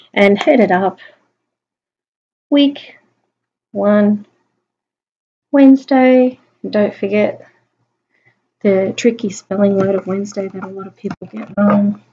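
A woman's voice: medium pitch, dark tone, slight background noise. A woman teacher giving a spelling lesson online, sounding out words phoneme by phoneme in a chatty, encouraging way. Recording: dull lo-fi home recording.

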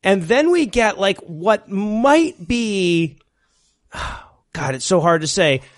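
High-voiced man joking through a movie. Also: expressive, slow pace. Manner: laughing, profane, retells scenes. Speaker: podcast co-host. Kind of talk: casual comedic movie commentary.

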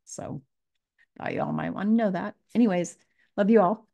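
A woman's voice: mid-range voice, normal speed, warm tone, lo-fi sound. A woman spiritual teacher talking to her viewers, earnest and repeating her questions. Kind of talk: casual spiritual talk to camera.

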